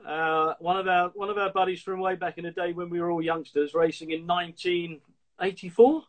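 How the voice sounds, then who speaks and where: A man in his fifties hosting a relaxed live stream chat, reading out viewer questions to his guest. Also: high voice, brisk. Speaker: host, former racing driver. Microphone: phone or laptop mic on a video stream.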